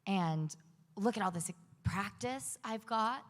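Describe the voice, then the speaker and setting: An actress on a convention panel speaking frankly and reflectively, swearing casually. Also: female voice, mid-range voice, animated, takes it slowly. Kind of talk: candid panel chat. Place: large convention hall. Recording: echoey convention hall.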